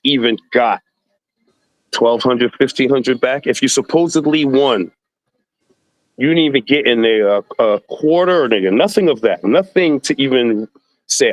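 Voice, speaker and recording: A man's voice: medium pitch, animated, normal speed, no echo, rough recording. A man chatting as a podcast guest, blunt and profane, acting out quoted voices as he tells stories. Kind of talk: casual podcast chat.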